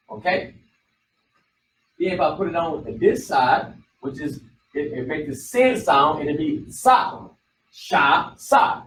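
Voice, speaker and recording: A man's voice: sits high, slight background noise. Man teaching in an echoey room. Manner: repetitive, prompting the class with questions. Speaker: bible study teacher. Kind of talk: classroom teaching. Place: study hall room. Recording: echoey room, mic far off, faint ambience.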